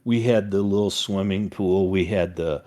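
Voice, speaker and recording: An older man talks in a very low, deep voice. He rambles through casual family chat, circling back with fillers and restarts. He is a father co-hosting a podcast with his son. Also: steady tone, moderate pace, darkish tone. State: recovering from a summer cold.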